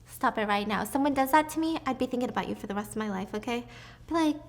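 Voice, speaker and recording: A woman vlogger retelling a drama story in a chatty, expressive, casual way. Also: fairly high pitch, very fast, vocal fry.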